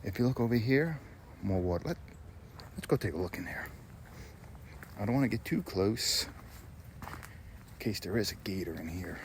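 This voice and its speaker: A man's voice: fairly low pitch, animated, moderate pace, long pauses, a little hiss or hum. A man vlogging a walk outdoors, chatty and enthusiastic as he narrates what he sees. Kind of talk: walking tour vlog. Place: outdoors on a nature trail and lookout tower.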